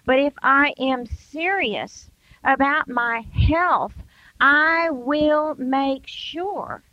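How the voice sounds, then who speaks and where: A woman's voice: on the high side, a bit bright, no echo. An older woman speaker giving an emphatic Christian devotional talk, acting out everyday excuses in quoted voices. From United States. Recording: dull, dry sound.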